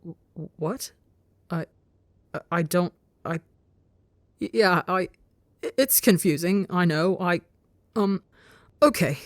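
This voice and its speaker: A woman playing a shaken young male creature with claws, stuttering and groping for words. Her voice is low and close, recorded dry with no echo. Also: slow pace, long pauses. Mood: confused. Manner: stammering, confused. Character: anxious clawed young male creature, overwhelmed.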